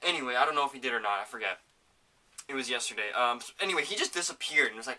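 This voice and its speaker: A man hosting a casual home podcast, rambling excitedly about a video game and swearing often. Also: mid-range voice, racing, recorded from a distance. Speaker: podcast host. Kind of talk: casual gaming chat.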